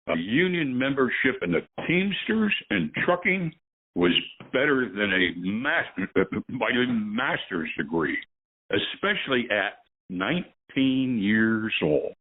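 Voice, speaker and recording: A man's voice: medium pitch, sing-song, takes it slowly. An older man, a veteran truck driver and guest, telling rambling stories with chuckles in a casual conversation. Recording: tinny phone line.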